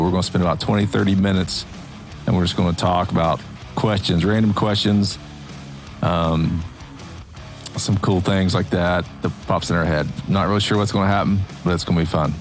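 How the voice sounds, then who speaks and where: A middle-aged man hosting a podcast, chatting casually and joking often with his guest. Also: sits low. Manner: jokey, laughs often. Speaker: podcast host. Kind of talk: casual chat.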